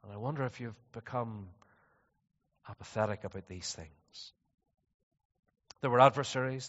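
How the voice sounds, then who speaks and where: A man preaching a sermon, moving between quiet, reflective passages and loud, animated stretches. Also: medium pitch, normal speed, long pauses. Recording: dull, slightly distant sound with long reverb.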